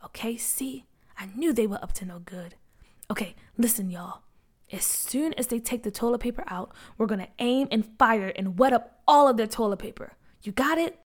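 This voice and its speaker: A woman voicing a bold, bossy girl ringleader who talks loudly and rushes her words. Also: on the high side, animated, lightly acted. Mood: whispered plotting. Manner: loud, exclamatory, rushing.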